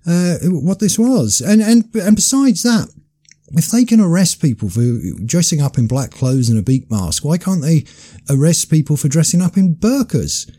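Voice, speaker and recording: A man voices earnest indignation as a podcast co-host in casual chat. His tone is mellow and warm, with a slightly raised pitch that rises and falls expressively. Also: very animated, moderate pace. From Britain.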